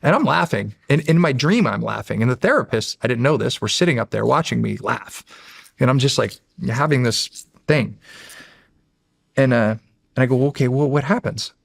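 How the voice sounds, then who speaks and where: A man's voice: medium pitch, lively intonation, normal speed, gravelly, no room sound, clean studio sound. A middle-aged American man, a podcast guest, telling a long story in a rambling, casual way and acting out the quotes. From United States. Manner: rambling, acts out quotes, repeats "he's like".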